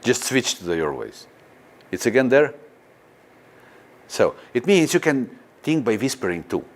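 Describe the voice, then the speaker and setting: A man teaching a guided meditation in non-native, halting English, often pausing to question a live audience. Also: mid-range voice. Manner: slow and lively, questions the audience. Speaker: spiritual teacher.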